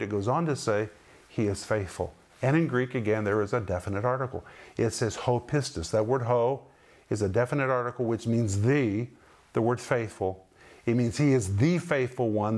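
A man's voice: mid-range voice, darkish tone. Emphatic male Bible teacher. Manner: emphatic, lingers on key words with dramatic pauses. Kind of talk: sermon-style Bible teaching.

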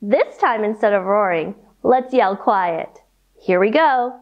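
Animated woman leading kids' yoga story. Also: medium pitch, highs cut off. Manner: animated, slow, playful sound effects for kids.

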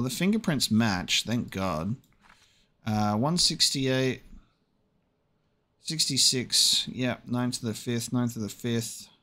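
A man's voice: lowish voice, bright, forceful tone. A young man giving casual let's-play commentary, muttering to himself as he checks details and swearing now and then. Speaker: gaming video creator.

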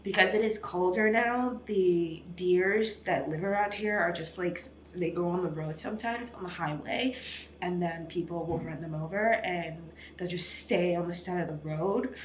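A woman's voice: lowish voice, normal speed, slight background noise. A woman in her twenties, teary from crying, talking candidly and rambling in a self-mocking way to her vlog camera. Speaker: vlogger. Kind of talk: casual vlog talk to camera. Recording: echoey room.

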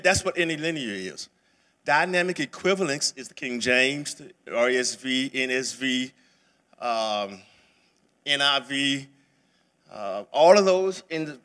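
Bright-voiced man teaching Bible study. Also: medium pitch. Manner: casual and conversational, with many fillers and restarts. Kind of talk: church Bible study lesson. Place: church sanctuary.

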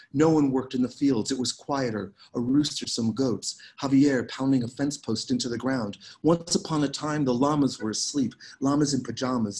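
A man reading his own poems aloud on a video call, measured and unhurried with pauses between lines. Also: medium pitch, darkish tone, poor audio. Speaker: poet reading his work. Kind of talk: poetry reading.

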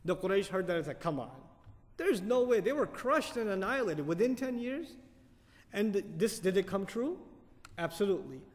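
A man lecturing on Quran commentary, animated, asking the audience questions and reciting Arabic verses quickly. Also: sits high, big-room sound. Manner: animated, asks the audience questions and answers them. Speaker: Quran teacher.

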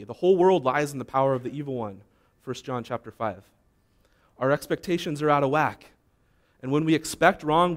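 A male pastor giving a conversational sermon, asking the room questions and acting out short imagined complaints. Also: fairly high pitch. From United States.

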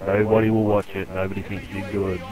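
A man's voice: sits low, level tone, brisk, rough recording. A man taunting and abusing another player in online game voice chat. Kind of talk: heated voice chat.

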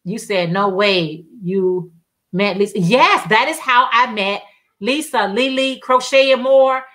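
A woman's voice: fairly high pitch, measured pace, fairly bright tone. A woman hosting a casual crafting livestream, telling chatty stories in colloquial speech and reading viewer comments aloud.

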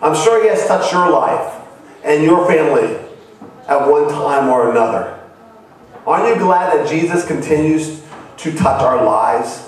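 A man's voice: fairly high pitch, lively intonation, measured pace. A missionary man from Ohio, preaching a sermon and telling stories earnestly, his voice rising to cries. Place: church hall. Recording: very echoey hall from far off.

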